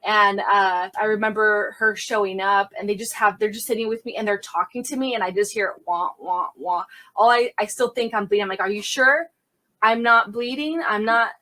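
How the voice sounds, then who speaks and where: A woman crime scene investigator telling a personal story in conversation, in a vivid retelling full of quick restarts and self-corrections. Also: medium pitch, fairly even intonation, fairly bright tone.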